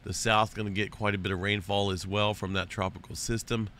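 A hoarse man with a lingering cough, hosting a casual spoken weather update in a loose, folksy way and calling viewers folks. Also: fairly low pitch, little pitch movement, fairly quick, sharp tone. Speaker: host of an earthquake and weather update channel.

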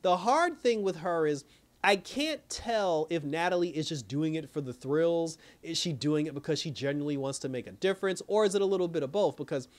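A man giving a casual, animated recap and review of a TV episode, slangy and quick to laugh. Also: fairly high pitch.

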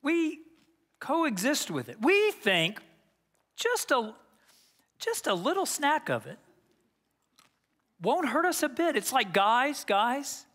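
Man preaching in a church, very high lively voice, bright tone, long hall echo. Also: slow pace, pauses often. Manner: animated, conversational preaching with quoted asides. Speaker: pastor. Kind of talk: sermon. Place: church sanctuary.

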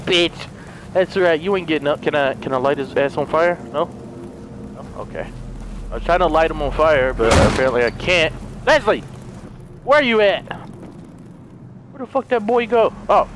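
A man giving casual, excitable commentary while playing a horror video game, swearing freely and talking to himself and the characters. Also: on the high side, noisy background. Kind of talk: casual let's play commentary.

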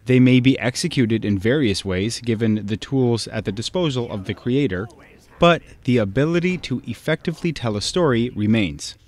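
Man, mid-pitched voice, scripted video essay narration, measured, explanatory. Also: lively intonation, darkish tone.

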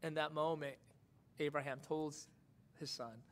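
Male pastor, high bright voice, impassioned sermon delivery with soft asides and swelling emphasis. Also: moderate pace.

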